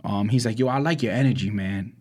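A man's voice: lowish voice, quick pace. A young man from Brooklyn, a podcast co-host, telling stories in a loose chat, acting out quotes and filling gaps with "like" and "um". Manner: animated storyteller, acts out quotes, many fillers. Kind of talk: casual storytelling chat.

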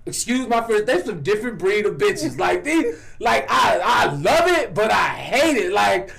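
Animated, profane man with a Chicago accent. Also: high-pitched, a little slow, creaky. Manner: profane, animated storytelling with many restarts. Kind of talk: casual chat.

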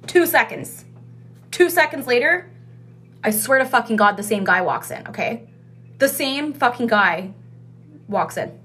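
A woman's voice: fairly high pitch, lively intonation, unhurried, long pauses, sharp tone. A young woman telling a casual story about her restaurant takeout job. She swears freely and says "like" a lot. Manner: chatty, swears freely, heavy use of "like".

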